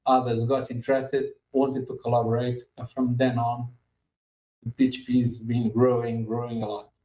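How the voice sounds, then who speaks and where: A man in his fifties hosting a podcast, talking in a halting way with many pauses and fillers. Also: mid-range voice, flat delivery, mellow. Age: 50s. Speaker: podcast host. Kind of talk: casual podcast interview. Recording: echoey room, far from mic.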